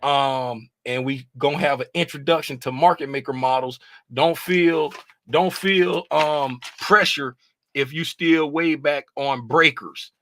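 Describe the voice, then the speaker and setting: Laid-back man with a bright, forceful voice. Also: a little high, unhurried, a little hiss or hum. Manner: laid-back, rambling, lots of "you know what I'm saying". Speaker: trading mentor and livestream host. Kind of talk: casual livestream walkthrough.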